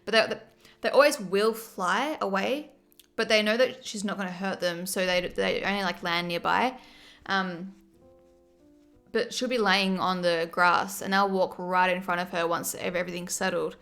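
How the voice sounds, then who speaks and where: A woman chatting casually on a livestream, animated and quick to laugh. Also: fairly low pitch, soft background music. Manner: chatty, giggly, animated storyteller.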